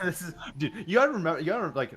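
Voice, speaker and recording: A man's voice: a little high, very animated, very fast, a bit bright. A man from Canada chatting casually as a streamer, hesitant and often searching for words. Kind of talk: casual chat.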